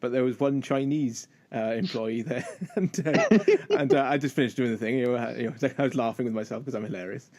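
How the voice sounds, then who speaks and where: A man's voice: mid-range voice, fairly quick, darkish tone. A man co-hosting a podcast, telling rambling, self-mocking stories with frequent chuckles. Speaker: podcast co-host. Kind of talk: casual podcast banter.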